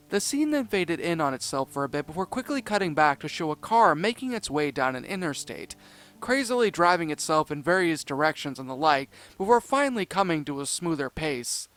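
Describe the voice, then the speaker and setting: A man narrating a fan-written cartoon story, animated and prone to small slips and restarts. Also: a little high, fairly quick.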